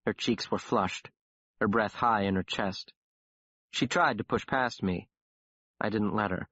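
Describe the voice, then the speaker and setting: A man's voice: lowish voice, a little slow, pauses often, a bit bright, no room sound. A man narrating an audiobook in the first person, telling the story wryly and dramatically. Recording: dull dry audiobook recording.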